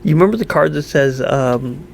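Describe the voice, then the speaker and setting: A man with a gravelly, slightly high voice chats casually on a podcast, animated and quick to tease. A faint hum runs under the recording. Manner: animated storyteller, laughs often, teasing. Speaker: podcast co-host. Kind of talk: casual chat.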